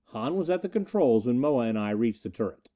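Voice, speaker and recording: Expressive man with a dark voice. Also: mid-range voice, fairly quick. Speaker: audiobook narrator. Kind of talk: first-person audiobook narration.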